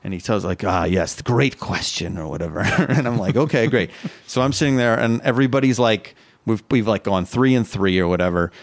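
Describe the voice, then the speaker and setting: A man tells a story in loose, casual conversation. He jumps between his normal voice and high, panicky impressions of himself and others, laughing through it. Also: fast talker. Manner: animated, acts out his own quotes in a high panicky voice.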